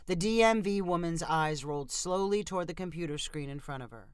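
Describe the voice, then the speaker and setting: Low-voiced woman reading a story. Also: fairly quick, few pauses, clean tone, no echo, clean studio sound. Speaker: narrator. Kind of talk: storybook narration.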